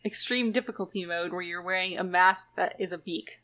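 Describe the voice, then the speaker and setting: A woman's voice: on the low side, a little fast, bright, forceful tone. A woman in a casual comedy chat, skeptical and teasing.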